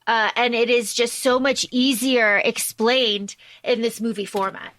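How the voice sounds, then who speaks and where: Bright, high-voiced woman podcaster. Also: a little slow, no room sound. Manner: animated plot retelling with many fillers. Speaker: podcast host. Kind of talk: casual podcast chat.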